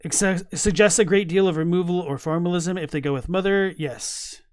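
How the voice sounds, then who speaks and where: A man's voice: sits high, normal speed, clean tone, dry recording, clean studio sound. A man casually chatting on a live stream, thinking aloud with many fillers and restarts while reading chat messages. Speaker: streamer reacting to game lore.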